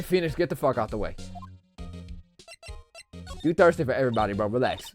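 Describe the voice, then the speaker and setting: A man's voice: medium pitch, brisk, pauses often, soft background music. Crude joking young man streamer. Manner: crude, joking and excitable, lots of slang. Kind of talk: casual game commentary.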